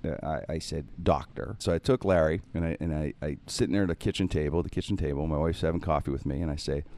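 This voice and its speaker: This is casual storytelling from a Pittsburgh podcast host whose voice is strikingly deep and low. He talks fast and with energy, imitating the people in his humorous anecdotes and frequently laughing.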